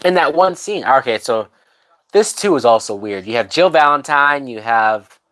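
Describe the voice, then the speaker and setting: A man's voice: medium pitch, expressive, normal speed, fairly bright tone. A drunk man hosting a livestream, giving casual movie commentary in a rambling, profane way that trails off mid-thought. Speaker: livestream host.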